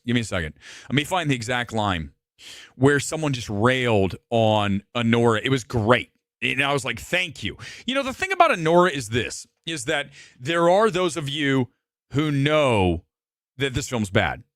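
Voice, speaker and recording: Male movie show host with a slightly hoarse, higher-pitched voice, dry close mic, ranting profanely. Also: fairly bright tone, no room sound. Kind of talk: live show, ranting opinion.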